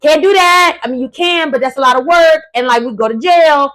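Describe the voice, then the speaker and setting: A woman doing a shrill, alarmed inner superego voice. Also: brisk, fairly bright tone. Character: scolding inner superego voice, cautious.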